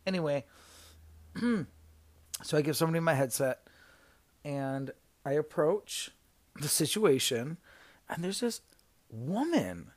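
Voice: medium pitch, animated, slow pace, long pauses. Podcaster in their 30s rambling thru a work story, lots of ums and swearing. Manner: rambling, swearing, many fillers and self-corrections. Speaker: podcast host. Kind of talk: casual storytelling.

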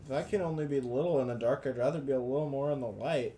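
Dry, sarcastic man with a mellow voice. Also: medium pitch, fast, a little hiss or hum. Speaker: player. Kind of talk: casual chat at a game table.

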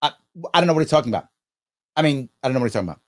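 A podcast host in his fifties reacts to viewer comments at a very fast clip, his mid-range voice full of lively intonation. He sounds indignant and emphatic, repeating lines for effect.

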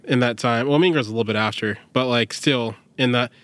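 A man co-hosting a podcast in casual chat, rambling with lots of fillers and quick laughs. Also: medium pitch, a bit bright, dry recording. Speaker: podcast co-host.

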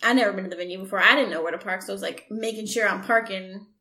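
A young woman co-hosting a casual chat, excitable and swearing as she rushes through her stories. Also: mid-range voice. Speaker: podcast co-host.

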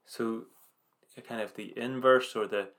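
A man giving an earnest, informal devotional talk, reading scripture aloud with halting restarts and slow emphatic phrases. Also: lowish voice, steady tone, fairly bright tone. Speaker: preacher.

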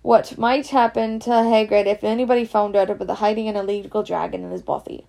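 A woman's voice: mid-range voice, little pitch movement, a little fast, gravelly, dark tone. A woman reading a children's novel aloud, slipping in Scots words. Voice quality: reads in a Scots voice, slips into dialect words. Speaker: reader.

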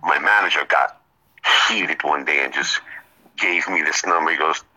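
A man in his thirties telling stories in a casual, animated way. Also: very deep voice, normal speed, slight background noise, rough recording. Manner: animated storyteller. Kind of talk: casual storytelling.

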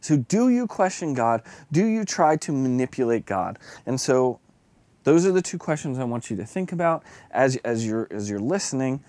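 A man's voice: mid-range voice, big pitch swings, normal speed, a little mellow, no echo. A man preaching an earnest, confessional devotional sermon that builds to fervent emphasis.

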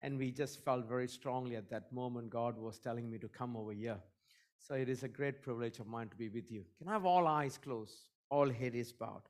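A man's voice: mid-range voice, brisk. A middle-aged man preaching as a guest, praying fervently and repeating God at the end of phrases, then telling joking, self-deprecating stories about his family. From Eurasian, half Portuguese half Indian. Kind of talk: sermon with prayer and personal stories.

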